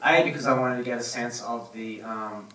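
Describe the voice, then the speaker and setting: A film director answering audience questions, halting, with many fillers and restarts. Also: male voice, mid-range voice, fairly bright tone, far from the mic, slight background noise. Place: cinema auditorium. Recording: echoey cinema, voice from afar.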